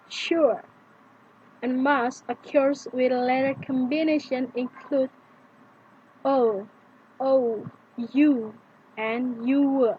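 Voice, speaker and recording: A young adult woman, a native Indonesian speaker, reading a prepared pronunciation lesson aloud and slowly repeating example words. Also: high voice, darkish tone. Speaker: student presenting pronunciation lesson. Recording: dull lo-fi with faint noise.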